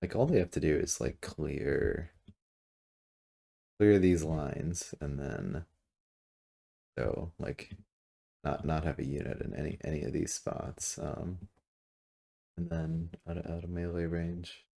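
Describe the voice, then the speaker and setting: A man with an extremely low, gravelly voice commentates his own game from his computer, musing out loud. He corrects himself, stalls with fillers and trails off, seated a little way back from a desk mic in the room.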